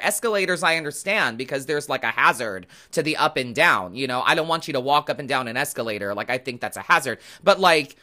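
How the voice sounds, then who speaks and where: A man hosting a tarot podcast, talking in a casual, animated, sarcastic rant full of swearing. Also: medium pitch, quick pace, hardly any pauses. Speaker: tarot reader and podcast host. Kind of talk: casual ranting chat.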